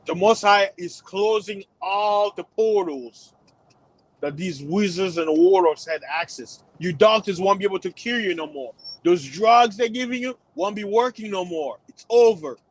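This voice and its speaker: High-voiced guy preaching slow and heavy about judgment coming, keeps repeating himself. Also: low-quality recording. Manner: preachy, repetitive, rising to emphatic peaks. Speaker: channel host. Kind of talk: religious warning monologue.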